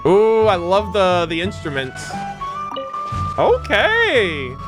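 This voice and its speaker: A man streaming a video game, chatting casually and reacting loudly with slang as he plays. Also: sits high, wildly swooping pitch, slow pace, over music. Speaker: gaming streamer. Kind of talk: casual let's-play commentary.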